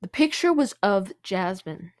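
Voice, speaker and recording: A woman's voice: mid-range voice, animated, unhurried. A woman hosting a true crime podcast, telling the case in a chatty way with frequent fillers. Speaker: podcast host.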